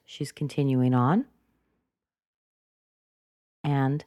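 A woman teaching English intonation, repeating single words slowly to show how they rise and fall. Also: on the low side, very animated, darkish tone, no room sound, studio quality. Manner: slow and deliberate, repeating words to model intonation. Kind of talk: explaining intonation.

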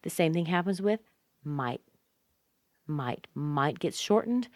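A woman with a North American accent teaching English pronunciation, repeating example phrases slowly with exaggerated stress. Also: lowish voice, animated, darkish tone, dry recording, studio quality. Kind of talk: scripted pronunciation lesson.

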